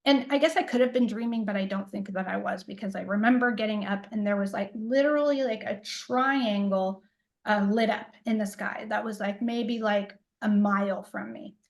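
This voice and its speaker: A woman's voice: mid-range voice, moderate pace, creaky, poor audio. A middle-aged woman telling a personal story in a casual interview, rambling with lots of fillers and acting out what people said. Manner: rambling, filler-heavy storytelling, acts out quoted dialogue. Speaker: interview guest, intuitive coach.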